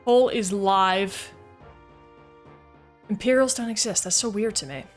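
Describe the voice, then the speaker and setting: A woman's voice: mid-range voice, unhurried, faint music behind. A woman chatting casually with her livestream chat while playing a game, goofy and talkative, reading comments aloud. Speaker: game streamer.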